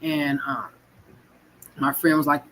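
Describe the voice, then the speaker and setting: A woman's voice: low voice, steady tone, takes it slowly, fairly bright tone, slight background noise, poor audio. A woman from California telling her own story in a raw, frank, emotional way, swearing and repeating her words. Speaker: guest sharing her story. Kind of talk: personal storytelling.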